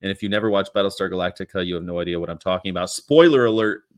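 A man's voice: low voice, rapid-fire. A middle-aged man chatting casually on a stream, sarcastic and rambling, laughing often. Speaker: livestream host. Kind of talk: casual chat reacting to comments.

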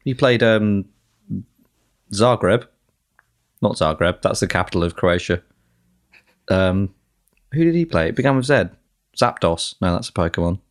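A man's voice: sits low, expressive, measured pace, pauses often. A man co-hosting a podcast, trading dry teasing banter in casual chat. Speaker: podcast co-host.

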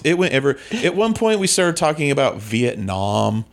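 A man's voice: mid-range voice, big pitch swings, normal speed, gravelly, noisy background. A man, a comedian, chatting casually on a podcast in a rambling, self-correcting way.

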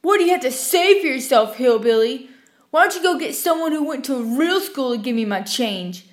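Woman playing a rude man customer, mocking, contemptuous, a bit high, loud. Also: expressive, a little fast. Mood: sneering. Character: rude sneering male customer, insulting.

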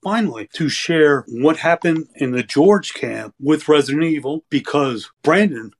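A man's voice: on the high side, measured pace. A man in a casual interview chat, speaking with open enthusiasm.

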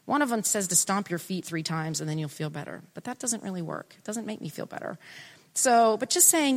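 Middle-aged woman talking earnest and animated, cuts herself off a lot, long echo tail on the voice. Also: lowish voice, normal speed. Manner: earnest, animated, self-interrupting. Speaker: speaker on family relationships. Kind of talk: casual talk.

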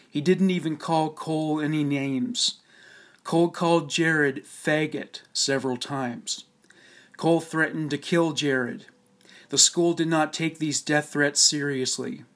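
A man reading a scripted documentary narration in a steady, measured, solemn way. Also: fairly high pitch.

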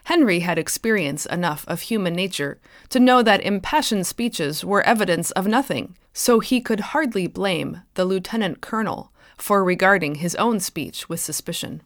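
A woman author reading her own short story aloud in a measured, expressive way, close to the mic. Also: medium pitch, dry recording.

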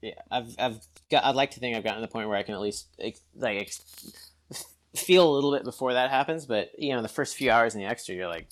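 A man's voice: medium pitch, fast talker. A man, a guest pilot, talking casually about aerobatic airplanes, self-deprecating and thoughtful, with frequent restarts. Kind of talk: casual podcast chat.

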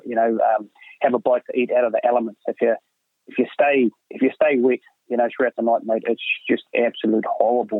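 Heard through a tinny, dry phone line with no echo, a middle-aged man of medium pitch guests on a podcast as a hunting guide. He speaks casually and rambles, leaning on fillers and calling people "mate" a lot.

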